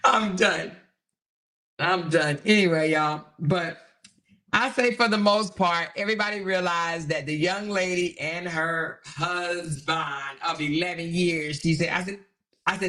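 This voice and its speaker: A man's voice: sits high, unhurried, pushed and bright. A man hosting a casual commentary show, chatty and given to laughing and exclaiming to his viewers.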